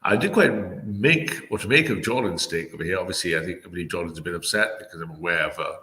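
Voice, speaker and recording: A man's voice: deep voice, quick pace, sharp tone. A man giving casual spoken commentary on a debate, rambling with many fillers and restarts.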